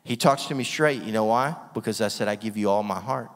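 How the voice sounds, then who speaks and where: In a reverberant church hall, a man with a lowish voice preaches a little fast as the guest preacher. His sermon is full of energy and emphasis, peppered with rhetorical questions to the room and frequent laughter.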